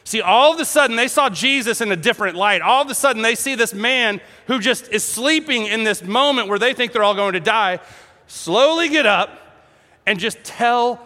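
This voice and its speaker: A man preaching a sermon, telling a story with animated energy, acting out voices and laughing along. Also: very high-pitched, moderate pace, long reverb tail. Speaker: pastor.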